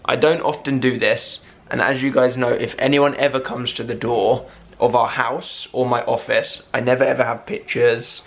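A man's voice: mid-range voice, little pitch movement, normal speed, gravelly. A young man in his twenties with a lisp from dental braces, chatting casually to camera in a rambling, friendly way. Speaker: vlogger. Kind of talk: casual vlog chat to camera.

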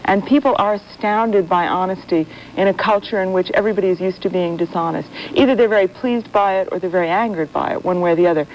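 A woman's voice: medium pitch, fast, hardly any pauses, darkish tone, a little hiss or hum, poor audio. A woman, an author, speaking earnestly and articulately as a talk show guest. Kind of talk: interview. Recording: 1970s TV broadcast audio.

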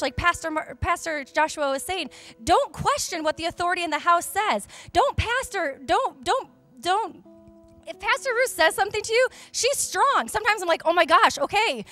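A woman's voice: very high voice, pushed and bright. A young woman, a pastor's wife, gives a fervent, chatty testimony to a church congregation on a handheld microphone. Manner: fervent, emphatic, chatty storytelling. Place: church sanctuary during a service.

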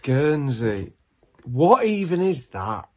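A male podcast co-host in relaxed, joking conversation. He banters and acts out his friend's lines with playful voices. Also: fairly high pitch, slow pace. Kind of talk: casual chat.

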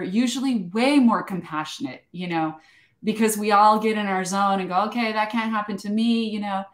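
A woman's voice: mid-range voice, roomy sound. A woman hosting and co-authoring, speaking in a reflective, encouraging way in an interview. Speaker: show host and co-author. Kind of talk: interview talk.

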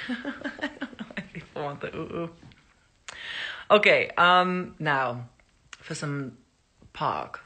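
A woman's voice: fairly low pitch, expressive, slow, creaky, long pauses, pushed and bright. A woman chatting casually to fans on a phone live stream, rambling through anecdotes and laughing as she talks.

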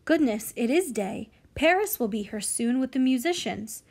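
A woman voicing a nobleman father who briskly orders his servants about during the household preparations. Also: on the high side, animated, vocal fry, a little mellow.

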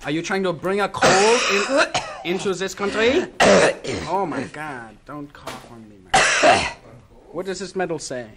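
A man's voice: sits high, lively intonation, measured pace, a crowd in the background. A man doing a bossy German customs officer. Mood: interrogating. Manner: barking, interrogating questions. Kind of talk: live comedy sketch.

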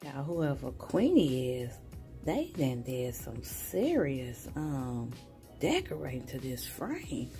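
A woman's voice: a bass voice, big pitch swings, slow, mellow, faint music behind. A young woman chatting emotionally with viewers, vlogging on a handheld phone inside an animal hospital. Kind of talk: casual vlog chat.

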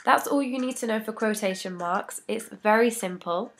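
A woman giving a scripted English grammar lesson, reading each rule and example in a measured, deliberate way. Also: medium pitch. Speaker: English teacher.

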